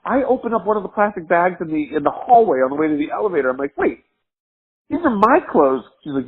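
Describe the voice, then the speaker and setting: A man's voice: high voice, expressive, fast, slightly rough. A drunk man telling a rambling, profane story over the phone, laughing often. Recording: muffled phone line.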